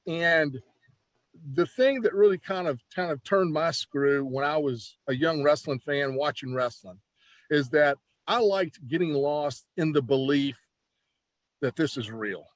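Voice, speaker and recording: A man who is a former pro wrestler, telling stories in a casual, animated interview with lots of "you know" and restarts. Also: fairly high pitch, measured pace, no room sound.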